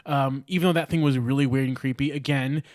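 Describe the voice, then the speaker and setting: A man co-hosting a casual podcast about a movie, talking animatedly and laughing often, speeding up in excited bursts. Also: medium pitch, quick pace, no echo, clean studio sound. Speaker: podcast co-host.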